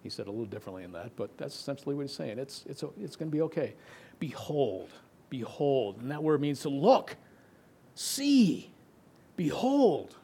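A middle-aged male pastor delivering an expository sermon at a middle pitch. He reads scripture and explains it plainly, now pressing words with force, now dropping to a near hush. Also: very animated, brisk, slightly rough. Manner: expository preaching, swings from emphatic to hushed.

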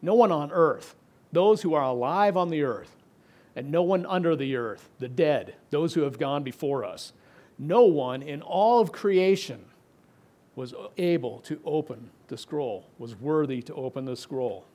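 A middle-aged man preaching a sermon, explaining scripture verse by verse, moving between emphatic passages and quiet, hushed ones. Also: on the high side, lively intonation, moderate pace. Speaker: pastor.

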